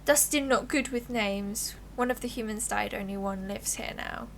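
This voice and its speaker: A woman's voice: medium pitch, moderate pace, fairly bright tone, slight background noise, natural voice. A woman voicing a timid little male possum who speaks in simple, broken phrases.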